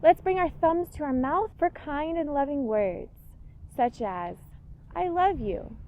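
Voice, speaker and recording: Woman teaching kids yoga, very high voice, slow unhurried pace, playful and encouraging. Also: expressive, narrow, tinny audio. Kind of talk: guided kids yoga with rhyming story.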